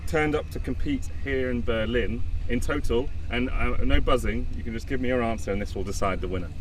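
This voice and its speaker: A man's voice: medium pitch, fairly quick. A man hosting a live podcast beside a competition field, playful and often laughing. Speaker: podcast host. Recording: loud outdoor street noise.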